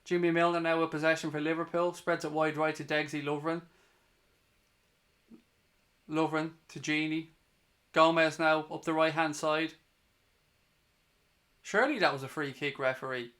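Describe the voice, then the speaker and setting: Brief male fan host, fairly high voice, live play-by-play breaking into angry cursing rants. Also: level tone, moderate pace, pauses often, a bit bright. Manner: sweary, heated, ranting between play-by-play. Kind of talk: live match reaction commentary.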